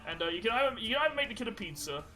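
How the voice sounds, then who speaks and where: A man's voice: sits high, big pitch swings, very fast, a crowd in the background, low-quality recording. A man co-hosting a podcast, telling stories in a casual, rambling way with lots of swearing. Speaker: podcast co-host. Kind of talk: casual chat.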